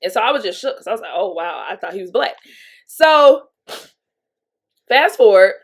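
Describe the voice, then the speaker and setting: In an animated, husky, mid-range voice at normal speed, a Southern-accented woman vlogs a candid personal story. The chatty storytelling is broken up by laughter and allergy sniffles.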